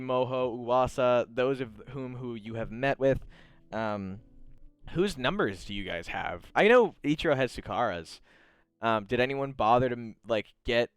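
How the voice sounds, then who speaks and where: A male game master who narrates scenes in a chatty, laughing way. His voice is smooth and resonant, swinging up and down with animated pitch, and it is recorded close and dry. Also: dry recording.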